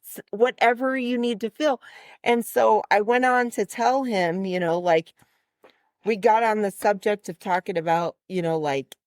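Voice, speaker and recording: Animated woman telling a story on a podcast. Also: mid-range voice, a little slow, no echo, clean studio sound. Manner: animated storyteller, acts out both sides of conversations. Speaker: podcast co-host. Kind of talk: casual podcast chat.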